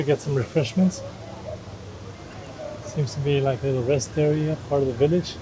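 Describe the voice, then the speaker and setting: A man's voice: on the high side, steady tone, normal speed, a crowd in the background, rough recording. A man vlogging while walking through a river gorge, explaining the sights to a handheld camera in a casual, chatty way. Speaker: travel vlogger. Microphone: handheld camera held aloft.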